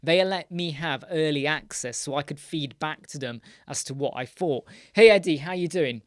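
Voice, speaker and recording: This UK host of a live web design Q&A talks loosely through a screen demo, stopping now and then to say hello to viewers by name and then resuming. He speaks at a moderate pace in a somewhat high voice, and the close, dry audio has no echo.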